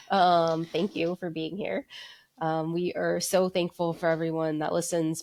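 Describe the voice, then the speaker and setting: A woman with a deep, low-pitched voice co-hosts a casual podcast. She sounds stuffy and congested from a cold. She rambles loosely and fills her sentences with fillers. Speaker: podcast co-host.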